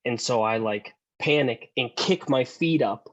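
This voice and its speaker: A man telling stories as a podcast guest, animated and profane, acting out the voices he quotes and laughing as he goes. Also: medium pitch, measured pace, highs cut off. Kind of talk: casual storytelling.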